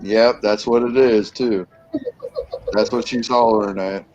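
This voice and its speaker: A man's voice: lowish voice, steady tone, a little slow, a little mellow, highs cut off, slight background noise. A man, chatting easily in a folksy way on a video call. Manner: folksy, easygoing. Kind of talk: casual chat on a video call.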